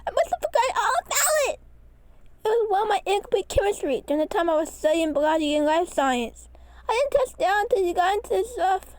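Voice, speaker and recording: A worried little cat-pig girl from a storybook, speaking high and a little loud, hesitant as she searches for her words, voiced by a woman reader. She sounds earnest and uneasy. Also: very animated, brisk, dry recording.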